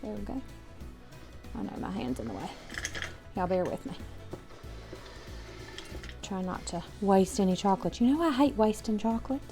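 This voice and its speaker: Southern lady showing a recipe in her kitchen, chatty and homey, keeps saying okay, soft music behind. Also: medium pitch, animated, normal speed, pauses often. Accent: Southern American. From Southern United States. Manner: chatty and homey, addresses viewers directly, often apologizes and checks in with "okay?". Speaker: cooking show host. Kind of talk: casual cooking demonstration. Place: home kitchen.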